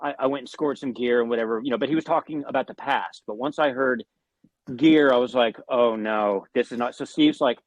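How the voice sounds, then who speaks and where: A man, a guest musician, telling animated anecdotes in an interview, swearing often and restarting his sentences. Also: medium pitch, a little fast, no room sound. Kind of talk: storytelling in an interview.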